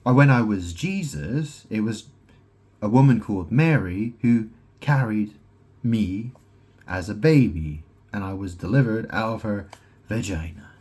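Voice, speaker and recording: A man's voice: fairly low pitch, lively intonation, a little slow, a little mellow, husky. A man recording a rambling monologue at home, meandering through wordplay and asking "right?" often. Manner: meandering, wordplay-heavy, with many "right?" asides. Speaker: solo vlogger. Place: at home in his house.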